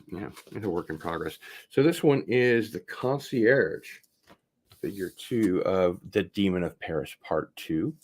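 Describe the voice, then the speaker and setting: A man hosting a casual unboxing video, chatting in a relaxed, rambling way and getting excited about vinyl records. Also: low voice, unhurried. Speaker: host.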